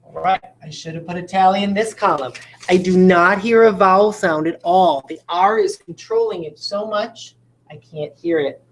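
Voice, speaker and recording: A woman's voice: lowish voice, normal speed. A woman teacher giving a recorded video lesson, explaining each step patiently and checking in with questions to her listeners. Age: adult parent.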